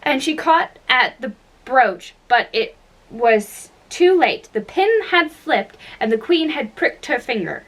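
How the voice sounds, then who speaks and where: Slow, lively woman reading a storybook. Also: high voice, low-quality recording. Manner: unhurried reading with slips and restarts. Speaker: narrator.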